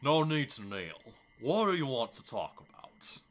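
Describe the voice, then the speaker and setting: A man's voice: medium pitch, big pitch swings, normal speed, faint music behind, lightly acted. A man reading the lines of a guarded, skeptical male doctor from a video game, with a loose put-on Southern US accent. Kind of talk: reading video game dialogue aloud on a stream.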